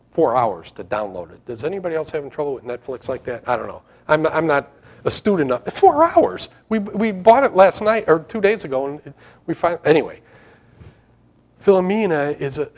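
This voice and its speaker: A man's voice: medium pitch, lo-fi sound. A man preaching an informal sermon to his congregation, rambling and conversational with frequent restarts. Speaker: pastor.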